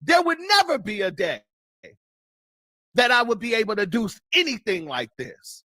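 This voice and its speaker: A man's voice: very high voice, big pitch swings, moderate pace, pushed and bright, dry recording, studio quality. A man from the United States hosting a news commentary show, talking bluntly and profanely and telling stories from his childhood. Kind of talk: casual commentary.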